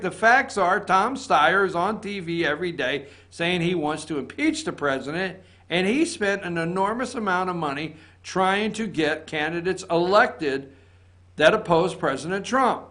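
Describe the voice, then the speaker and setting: A man's voice: sits high, bright, forceful tone. A man hosting a political opinion show, talking in an indignant, emphatic way and hammering his points again and again. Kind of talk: opinion commentary.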